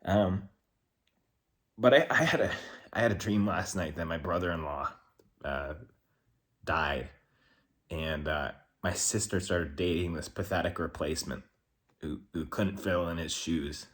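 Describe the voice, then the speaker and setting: A man's voice: deep voice, measured pace, long pauses, a bit bright. A man talking to the camera in a rambling, candid way, swearing often as he reflects. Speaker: vlogger. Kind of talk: casual reflective monologue.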